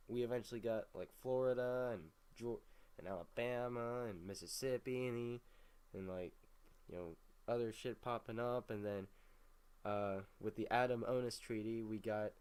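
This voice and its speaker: Brief: young male host, lowish voice, rambling, swears a lot, loose casual history recap. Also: darkish tone, clear, resonant tone. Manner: rambling, profane, heavy use of filler words.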